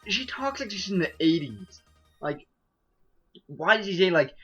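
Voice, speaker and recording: A man's voice: high-pitched, big pitch swings, moderate pace, a bit bright, breathy edge, dull audio, faint music behind. A man talks through a video game as he plays, in a loose, rambling way. He pokes fun at himself, restarts his sentences and leans on "like" as filler. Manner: rambling and self-mocking, full of "like" and restarts. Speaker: let's play host. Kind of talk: casual game commentary.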